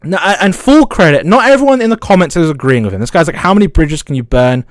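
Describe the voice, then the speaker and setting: Excitable high-voiced English man ranting. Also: quick pace, no echo. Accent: Southern English. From south of England. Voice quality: stutters. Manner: angry, swearing, excitable. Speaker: streamer. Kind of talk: casual livestream rant.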